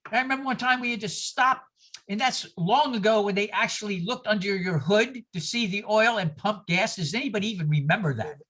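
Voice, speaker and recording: An older man from New York teaching a class on a video call, animated and digressive, with anecdotes and asides. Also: sits high, brisk.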